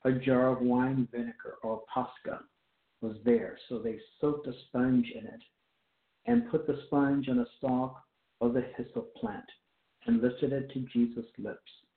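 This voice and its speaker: A man preaching a sermon, reading scripture aloud and then explaining it with slow, deliberate emphasis. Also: medium pitch, steady tone. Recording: echoey, phone-like tinny sound.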